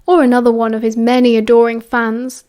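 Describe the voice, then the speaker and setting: Woman voicing a teenage schoolboy wizard, British accent, cheerful, teasing, breezy, slightly high. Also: little pitch movement, a little fast, darkish tone, natural voice. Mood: cheery teasing.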